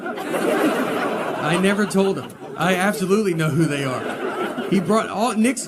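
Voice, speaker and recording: Male stand-up, low-key deadpan delivery, live room with heavy crowd noise. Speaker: stand-up comedian. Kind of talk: stand-up comedy set. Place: live venue with laughing audience. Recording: loud crowd laughter and noise.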